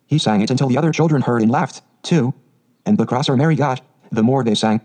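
Mellow male storybook narrator. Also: mid-range voice, quick pace, poor audio. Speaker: audiobook narrator.

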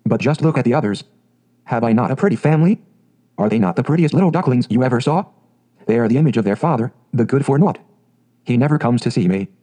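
A proud, fretful mother duck fussing over her brood in a storybook. A man reads her, his tone mellow and warm, with a steady even-pitched delivery. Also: fast talker, natural voice.

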